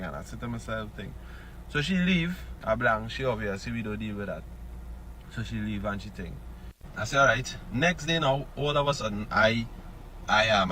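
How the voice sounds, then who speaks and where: A young Trinidadian man who runs a funeral home spins a story in a loose, chatty way, voicing the people he met. His voice sits low. Clear background noise runs under the clip. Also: a bit bright, rough recording. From Trinidad and Tobago. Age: young adult. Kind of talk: casual storytelling.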